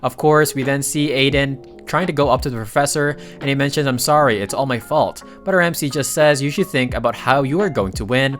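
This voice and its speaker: A man giving a casual comic-book recap, chatty and full of excitable asides. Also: mid-range voice. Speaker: manhwa recap narrator.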